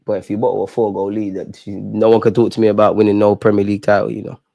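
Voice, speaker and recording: A young man hosting a live football watch-along, animated and talking straight to the players and referee. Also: fairly low pitch, fast, vocal fry, no echo, clean studio sound.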